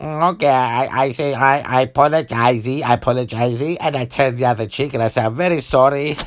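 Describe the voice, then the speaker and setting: A man's voice: medium pitch, moderate pace, natural voice. A man voicing a brash, rambling Cypriot man in a comedy sketch, speaking in broken phrases and cutting in with boasts. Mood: cheeky.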